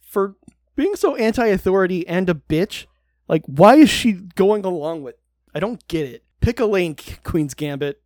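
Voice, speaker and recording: A man's voice: high voice, expressive, normal speed, a little mellow, no room sound, clean studio sound. A man co-hosting a podcast, recapping a TV show in casual, sarcastic chat and swearing freely.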